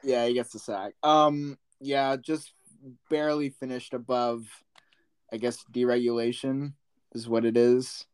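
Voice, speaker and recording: A young man hosting a podcast, chatting casually about sports in a relaxed way with many fillers. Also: mid-range voice, unhurried, clear, resonant tone. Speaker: podcast host.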